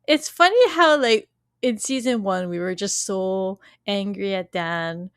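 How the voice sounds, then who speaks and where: A woman's voice: mid-range voice, a little slow, clean tone, dry recording, clean studio sound. A woman co-hosting a podcast, recapping a TV episode in casual chat, laughing often and acting out quoted lines. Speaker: podcast co-host.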